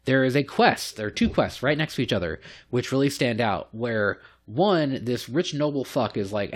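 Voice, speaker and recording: A man co-hosting a casual podcast, telling a long story with lots of swearing and mimicked voices. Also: on the low side. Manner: profane, animated retelling with mimicked voices. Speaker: podcast co-host.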